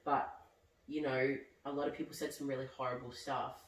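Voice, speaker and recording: A man's voice: mid-range voice, little pitch movement, a little fast. A young man, chatting casually as a podcast guest and rambling with lots of "like". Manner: rambling, heavy use of "like". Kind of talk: casual chat. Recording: roomy echo, distant mic, faint background noise.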